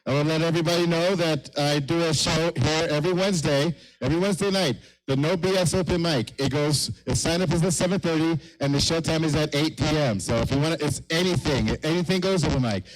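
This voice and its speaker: A man hosts a comedy night, running through announcements in an upbeat, hurried way. His voice sits a little high, and he often repeats his phrases as he goes. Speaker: comedy show host. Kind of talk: live emcee announcements.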